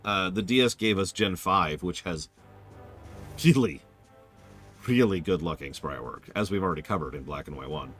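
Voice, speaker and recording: A man in his forties giving chatty, animated gaming commentary as a streamer, humming along at times. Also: sits low, moderate pace. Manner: animated, chatty, hums game music.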